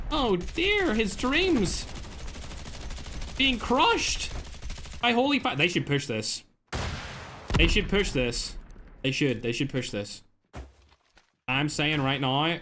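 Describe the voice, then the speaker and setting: A young man giving live esports commentary as a streamer, excitable and full of exclamations, chatting with his viewers as he calls the action. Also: a little high, a little hiss or hum. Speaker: streamer casting a mobile shooter tournament.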